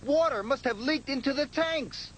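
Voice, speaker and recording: A man's voice: very high-pitched, normal speed, a little hiss or hum, voice pushed up. A man voicing a flustered, anxious middle-aged male quarry manager. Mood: alarmed.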